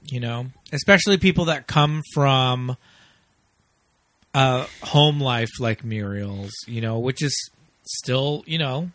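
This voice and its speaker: A man's voice: medium pitch, fairly bright tone, no room sound. Chatty man on a dry podcast mic. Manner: chatty, lots of "you know" and quick laughs. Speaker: podcast co-host. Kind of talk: casual movie chat.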